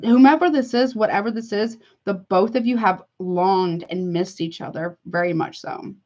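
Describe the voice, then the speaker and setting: A woman's voice: medium pitch, normal speed, a little mellow. A woman doing a casual tarot reading for her viewers, chatty and heartfelt, calling listeners honey. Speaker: tarot reader. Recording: slightly dull lo-fi audio.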